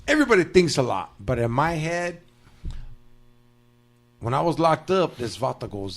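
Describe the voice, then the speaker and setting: A male podcast host with a slightly high-pitched voice, talking in a loose, slangy way and swearing often. He jokes with his guests in a studio and now and then bursts into loud, hyped announcer shout-outs. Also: sing-song, moderate pace, long pauses. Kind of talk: casual podcast chat.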